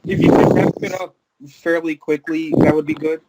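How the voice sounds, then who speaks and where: A man's voice: on the high side, flat delivery, normal speed, heavy background noise. Polite man moderating a session. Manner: polite, brief, a bit apologetic. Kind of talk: casual moderating.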